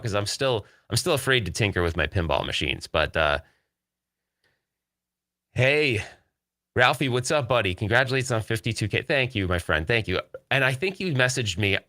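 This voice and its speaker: A man's voice: mid-range voice, lively intonation, moderate pace, bright, forceful tone, no echo, studio quality. A man hosting a podcast live stream, talking casually in a rambling, upbeat way and reading viewer chat aloud. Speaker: podcast host.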